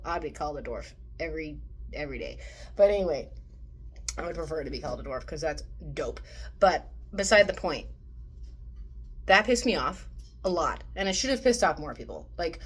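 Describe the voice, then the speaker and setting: Young woman ranting about a movie she watched, slightly low voice, swears a lot, does mocking voices. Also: breathy edge. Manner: animated, swearing, acts out quotes in mocking voices. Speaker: vlogger. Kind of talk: casual movie review rant.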